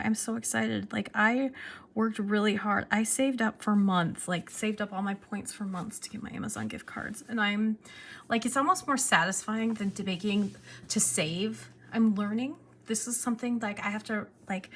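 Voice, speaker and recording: A young woman chatting excitedly in a casual show-and-tell vlog, restarting her sentences as she goes. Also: medium pitch, unhurried, a little hiss or hum. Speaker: pen vlogger.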